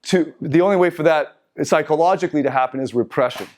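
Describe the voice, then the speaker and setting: A man's voice: fairly high pitch, fast talker, a little mellow. A man teaching a seminar, reading passages aloud and then riffing on them casually with asides. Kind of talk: lecturing from slides to a group. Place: meeting room.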